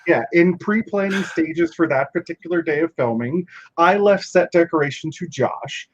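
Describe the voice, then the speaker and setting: A man chatting casually, speaking in a lively, expressive way. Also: on the high side, moderate pace, a little hiss or hum. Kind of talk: casual chat. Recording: dull lo-fi sound.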